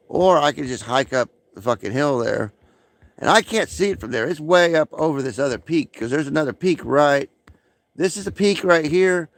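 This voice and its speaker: A man's voice: medium pitch, creaky. A man rambling profanely during a late-night livestream, with many fillers, smoking and coughing.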